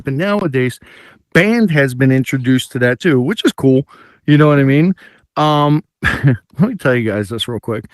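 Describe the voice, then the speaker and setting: On his live comedy talk show, the male host recounts a story in a relaxed, animated way, mimicking band noises and performing quotes. He has a mid-range voice at normal speed, captured in clean, echo-free studio sound.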